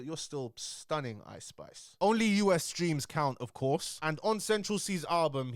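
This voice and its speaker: A young British man talking straight to his audience in a loose, slangy, animated way, his voice sitting a little higher than most men's. The sound is close and dry, with no room around it, like a streamer at his desk mic. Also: no echo. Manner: chatty and animated, slangy, addresses viewers directly. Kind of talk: casual music commentary.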